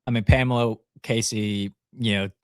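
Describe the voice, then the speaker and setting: A man's voice: on the low side, fairly even intonation, normal speed, smooth, dry recording. A man on a casual political talk show, speaking in a laid-back, hesitant way with fillers. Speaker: co-host.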